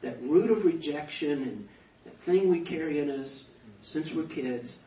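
A pastor giving a personal testimony to a banquet audience, telling it as animated stories with self-deprecating humor. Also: male voice, a little high, unhurried. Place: banquet hall. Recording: echoey hall, distant mic, dull sound.

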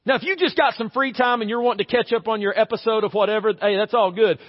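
Conversational and funny, this sermon comes from a pastor with a strikingly high voice who acts out brief everyday scenes. It's recorded in a church sanctuary with long reverb, and the sound is a little dull.

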